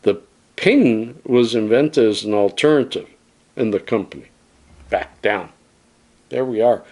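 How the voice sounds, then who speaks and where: Guy vlogging his opinions, real slow and easygoing, folksy, calls everyone my friends. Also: fairly low pitch, animated, darkish tone. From Canada. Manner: folksy and musing, addresses viewers as friends. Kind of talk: casual opinion monologue to camera.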